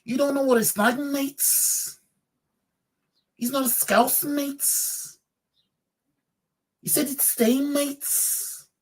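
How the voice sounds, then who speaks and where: A man putting on a Scouse accent to mimic a mocking male football fan, in a high and exaggerated voice. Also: steady tone, extremely slow, long pauses, heavily acted, low-quality recording.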